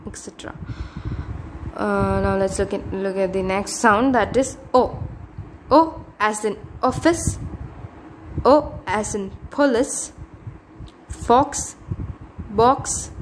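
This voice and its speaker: A woman with an Indian English accent teaching pronunciation, saying example words slowly and repeating them, with many fillers. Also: mid-range voice, a bit bright, slight background noise. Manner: slow, deliberate, repeats each word, many fillers. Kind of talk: slow phonetics lesson with example words.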